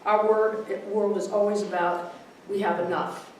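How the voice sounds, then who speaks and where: A minister gives a warm, chatty sermon in a large, very echoey hall before a congregation, mixing readings with a humorous story and laughing at her own jokes. Her voice is medium in pitch, fairly even in intonation and a little slow. She sounds far off, with a slight hiss or hum on the recording.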